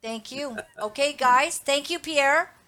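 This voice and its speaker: A woman's voice: sits high, slow pace, a loud crowd. A woman hosting her own Christian commentary show, talking straight to her viewers in an emphatic, indignant, preachy way. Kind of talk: impassioned live commentary.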